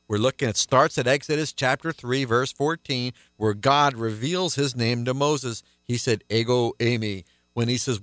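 A man, a pastor, delivering a radio ministry sermon with emphatic, deliberate preaching that repeats key phrases. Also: mid-range voice, a bit bright.

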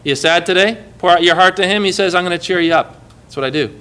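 Bright high-voiced man preaching a sermon. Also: quick pace, smooth. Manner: preaching with emphatic rises and quiet, hushed asides. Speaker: pastor.

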